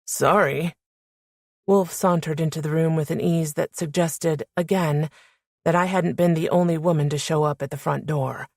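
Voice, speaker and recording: Female audiobook narrator, low voice, dry close mic, first-person romance. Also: vocal fry, a little mellow, no echo.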